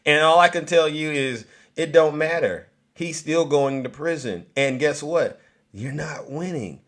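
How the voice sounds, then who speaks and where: A man hosting a political commentary live stream, mocking and animated, talking straight to his viewers. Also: medium pitch.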